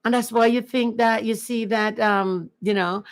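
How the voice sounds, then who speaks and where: A woman's voice: fairly high pitch, fairly even intonation, measured pace. A woman chatting casually and earnestly on her first livestream, repeating herself often. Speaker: livestream host.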